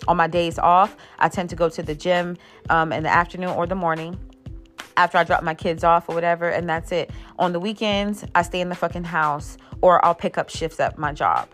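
Woman, 30s, lower voice, blunt venting vlogger, faint music under her. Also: fairly even intonation, a little fast, a bit bright. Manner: blunt, exasperated, swears freely. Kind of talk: casual ranting monologue.

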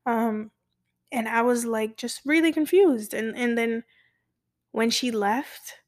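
Soft-spoken young woman telling a personal story. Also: on the high side, takes it slowly. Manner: rambling and confessional, lots of fillers; soft-spoken, dropping into a whisper at times. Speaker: podcast host.

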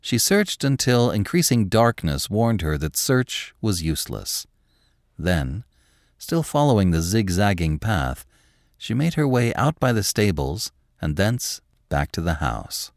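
Low-voiced, expressive male narrator. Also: no room sound, clean studio sound. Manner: expressive, measured storytelling. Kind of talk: scripted narration of a classic story.

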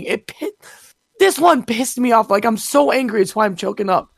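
Blunt, gravelly woman podcaster. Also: fairly high pitch, lively intonation, normal speed, no echo, clean studio sound. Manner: blunt, heated, swears freely. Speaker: podcast co-host. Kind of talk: casual chat.

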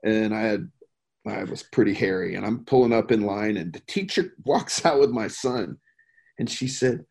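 A middle-aged American man speaks in a husky, slightly breathy voice, pitched a little low. He talks earnestly and emphatically, circling back and restarting his thoughts as he makes his point in relaxed conversation. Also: normal speed. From United States. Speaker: podcast guest, veteran who worked overseas. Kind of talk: casual conversation.

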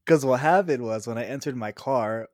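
A man's voice: medium pitch, moderate pace, darkish tone, no room sound, clean studio sound. A man casually telling a rambling story to a friend, often laughing as he talks. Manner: laughs through his own stories; loose, rambling with restarts.

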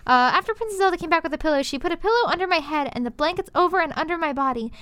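Brief: young woman, very high voice, dry close sound, reads aloud and jokes. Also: rapid-fire, fairly bright tone, no echo. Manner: giggly, self-deprecating asides. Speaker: video host reading fan fiction. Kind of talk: comedic reading with commentary.

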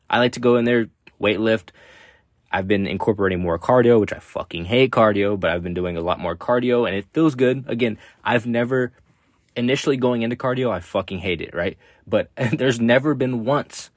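Brief: young male podcast host, low-pitched, dry close sound, swears freely, repetitive pep talk. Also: dry recording. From United States. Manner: blunt, heavy swearing, repeats himself. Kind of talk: casual motivational monologue.

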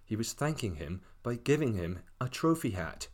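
A man telling a comic story, his voice fairly low but very lively, full of wry, casual asides. He narrates in an easy, relaxed way. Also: moderate pace.

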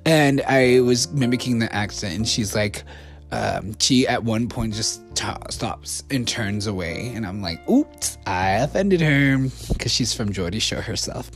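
A man's voice: fairly low pitch, a little slow, soft background music. A young man from the States telling a travel story in a casual, rambling way, full of fillers, restarts and laughs. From United States.

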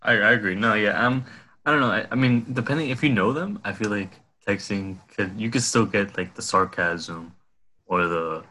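A man's voice: lowish voice, moderate pace, bright, forceful tone. A young man co-hosting a casual podcast, easygoing and teasing, with slangy speech. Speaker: podcast co-host. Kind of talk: casual chat.

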